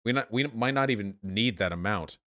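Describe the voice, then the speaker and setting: A young man hosting a livestream, reacting to chat with sarcastic, animated commentary full of swearing. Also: lowish voice, fairly quick. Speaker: livestream host.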